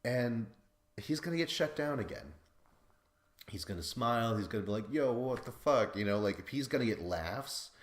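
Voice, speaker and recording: The host of this podcast recap has a fairly low pitch and an animated delivery at a moderate pace, his voice ringing with reverb. His casual chat wanders, is full of swearing, and is self-mocking, with frequent laughs.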